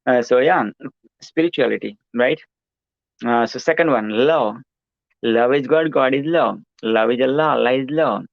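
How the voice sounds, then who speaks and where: Man, gravelly voice, rambling and preachy, repeats himself, dull lo-fi recording, dry sound. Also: mid-range voice, normal speed, long pauses, no room sound. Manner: repetitive, preachy, full of fillers like "you know" and "right". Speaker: self-styled guru hosting his own show. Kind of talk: rambling motivational monologue.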